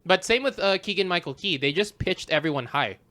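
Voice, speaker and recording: A man co-hosting a relaxed film podcast, with a bright, forceful tone. His pitch swings widely as he talks, and he swears casually and drops into quick impressions of characters. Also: no room sound. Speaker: podcast co-host. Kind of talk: casual film review chat.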